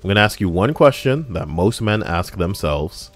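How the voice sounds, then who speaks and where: A man's voice: deep voice, very animated, normal speed, soft background music. A man hosting a podcast in casual chat, full of crude, teasing banter. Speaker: podcast host.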